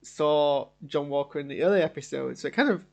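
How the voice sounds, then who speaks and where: Guy doing a live reaction stream from his home studio, kinda high voice, rambly and excited. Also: fairly quick, gravelly. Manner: rambling, enthusiastic. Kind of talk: live casual show reaction.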